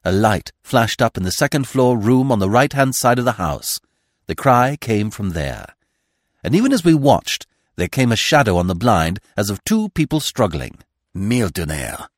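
A man narrating a classic mystery novel as a podcast reader, in a measured, expressive storytelling manner. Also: mid-range voice, no echo, clean studio sound. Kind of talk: audiobook reading of a classic mystery.

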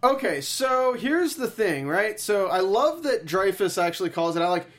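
A man co-hosting a podcast, chatting casually about a TV episode with jokes and quick quips. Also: high-pitched, animated, a bit bright. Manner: joking, laid-back, quips and playful sound effects. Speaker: podcast co-host. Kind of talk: casual TV recap chat.

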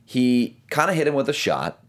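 A man co-hosting a talk show, casually recapping a boxing match round by round and talking through his scorecard with quick restarts. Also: medium pitch, very animated. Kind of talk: casual fight recap chat.

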